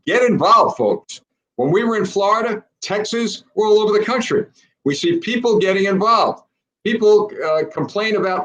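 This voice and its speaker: A man's voice: high voice, expressive, normal speed, a bit bright, poor audio. Urgent, exhorting middle-aged male host. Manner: urgent, exhorting, addresses audience as folks. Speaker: political show host. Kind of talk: impassioned political talk.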